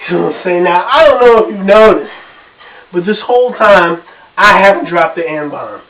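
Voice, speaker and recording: High-pitched male comic, chatty stand-up delivery with audience asides, recorded on a distant mic in a basement. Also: lively intonation, moderate pace, a bit bright. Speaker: stand-up comedian. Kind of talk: stand-up comedy set. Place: home basement.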